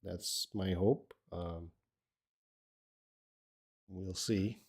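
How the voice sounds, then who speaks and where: An older Australian man with a lowish voice talks through learners' questions in a live English lesson. He rambles in a relaxed way, with plenty of "uh" and restarts. His tone is unhurried and conversational. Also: breathy edge. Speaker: English teacher.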